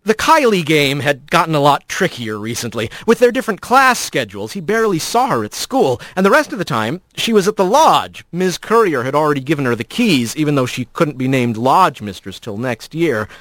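A man narrating an audiobook in an expressive, animated storytelling manner. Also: on the high side, a little fast, hardly any pauses, no echo.

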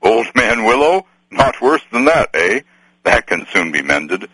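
A man's voice: on the low side, sing-song, a little slow, pushed and bright, slightly rough, dry recording, voice pushed up, exaggerated voice, rough recording. A man voicing a merry old rustic nature spirit in an archival dramatic reading, sing-song and rhyming in old country dialect. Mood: boisterous.

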